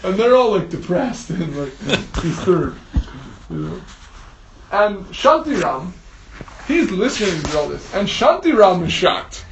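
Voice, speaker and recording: A man tells a spiritual story with lively energy, laughing often and filling pauses. His voice sits high. The room is echoey, with faint ambience behind. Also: gravelly, noisy background. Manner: animated, laughs often, many fillers. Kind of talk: storytelling talk.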